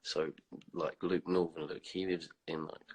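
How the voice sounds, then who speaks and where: A man's voice: deep voice, level tone, a little slow. A young man with a cold, chatting casually and jokingly on a phone live stream. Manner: laid-back, joking, trails off. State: congested with a cold. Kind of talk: casual late-night chat. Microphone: phone on a live stream video call.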